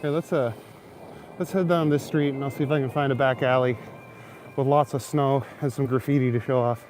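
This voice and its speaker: A young Canadian man hosts a casual live stream while walking snowy city streets at night, chatting and answering viewers' comments. He holds a phone camera as he walks. His mid-range voice is steady, brisk, and darkish, with a little hiss or hum.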